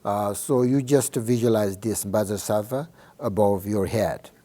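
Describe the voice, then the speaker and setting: Slow, soft-toned Buddhist teacher, a man. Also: on the low side. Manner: halting, many fillers and restarts; checks in with listeners often. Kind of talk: informal dharma teaching.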